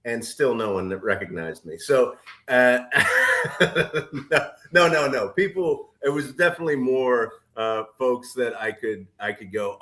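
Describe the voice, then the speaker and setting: A man's voice: medium pitch, expressive, a little slow, a bit bright. A man co-hosting a casual podcast chat, rambling with many fillers and restarts. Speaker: podcast co-host.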